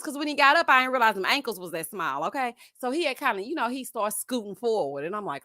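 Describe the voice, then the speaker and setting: A woman hosting a live-stream recap of reality TV. She talks in a sassy, animated way, calling viewers honey and child and laughing often. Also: high voice, quick pace, no echo, studio quality. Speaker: TV recap show host.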